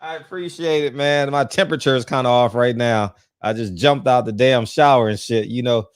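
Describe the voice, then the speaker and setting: A man hosts a relaxed livestream from home, shouting out viewers one by one in an animated, easygoing way and sprinkling "man" through his sentences. His voice sits at an everyday middle pitch. The sound is close and dry with no room echo. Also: brisk, clean tone. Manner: animated, laughing, peppers lines with "man". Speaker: host. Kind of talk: casual livestream chat. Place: home, just out of the shower.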